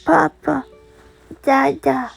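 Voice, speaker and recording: A woman voicing a shy, tearful little boy in a homemade storytelling recording, speaking softly and haltingly. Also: high-pitched, little pitch movement, creaky, soft background music, pitched above the performer's own voice, heavily acted. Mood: plaintive. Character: small tearful young boy, sweet and shy.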